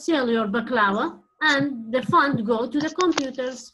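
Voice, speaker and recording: A woman's voice: high voice, normal speed, music in the background, natural voice. A woman voicing a helpful middle-aged husband in a read-aloud storybook. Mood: encouraging. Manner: plain storybook reading.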